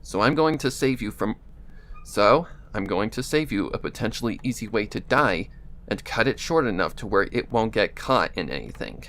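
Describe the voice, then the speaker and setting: A man's voice: lowish voice, expressive, moderate pace, a bit bright. A man voicing a stern, protective female pony mentor, talking through his nose and giving firm warnings. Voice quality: nasal.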